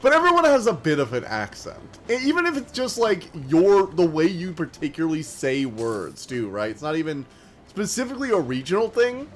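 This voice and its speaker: Fast-talking, slightly high-voiced male streamer. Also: big pitch swings. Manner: talks fast and slurs words together; chatty and rambling, many fillers. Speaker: game streamer. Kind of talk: casual live-stream chat while gaming.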